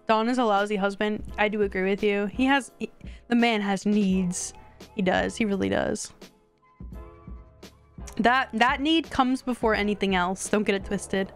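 Young female streamer, casual and excitable, talking to chat over faint background music. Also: mid-range voice, measured pace, pauses often. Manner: chatty, excitable, talks to chat. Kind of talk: casual gameplay commentary.

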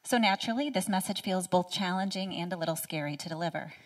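A woman in her thirties giving a prepared personal speech as a featured speaker at a live event, earnest and heartfelt, sometimes dropping to a soft near-whisper. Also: lowish voice, quick pace, distant mic. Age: 30s. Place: event stage.

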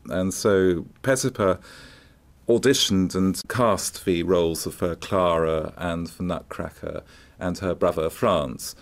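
A man speaking as a music expert guest in a radio interview, telling stories with frequent ums and hesitations. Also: sits low. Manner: hesitant, many ums, animated storytelling.

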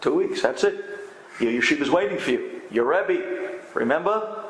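A man playing his own stern but soft-hearted middle-aged father, scolding with gruff bursts. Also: on the high side, lively intonation, normal speed, lightly acted. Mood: urging. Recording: echoey room with faint ambient noise.

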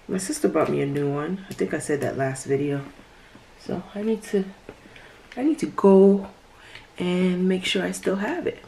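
A woman's voice: mid-range voice, vocal fry, darkish tone, slight background noise. A woman talking casually through a makeup tutorial in a chatty vlog, sometimes dropping to a whisper. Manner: chatty, drops to whispers at times. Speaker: beauty vlogger.

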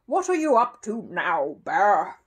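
A blunt, growling, suspicious neighbor man, played by a woman reading a storybook. His voice comes out loud and clipped, with a husky edge. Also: mid-range voice, very animated, measured pace. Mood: gruff. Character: gruff suspicious middle-aged neighbor man.

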